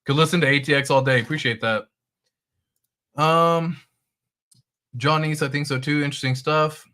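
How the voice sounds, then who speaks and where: A man's voice: a little high, fairly even intonation, moderate pace, bright, forceful tone, clean tone. A man hosting a crypto livestream, talking loosely through charts and reading viewer chat, with the odd swear.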